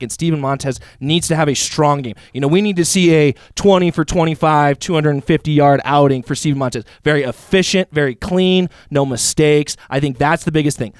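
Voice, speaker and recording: An American man co-hosting a sports talk show, giving measured football analysis and sometimes restarting his sentences while he thinks. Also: fairly high pitch, dry recording, clean studio sound. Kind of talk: casual sports analysis chat.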